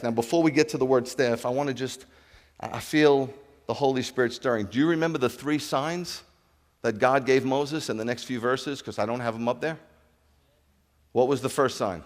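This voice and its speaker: A man preaching a sermon as a rabbi, animated, acting out dialogue and asking his congregation questions. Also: mid-range voice, brisk, long reverb tail. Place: congregation hall.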